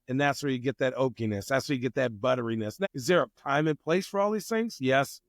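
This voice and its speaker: A man chatting casually as an interview guest, telling lively stories and acting out what people said. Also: mid-range voice, quick pace, no room sound, studio quality. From United States. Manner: animated storyteller who acts out quotes. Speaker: guest, wine company president.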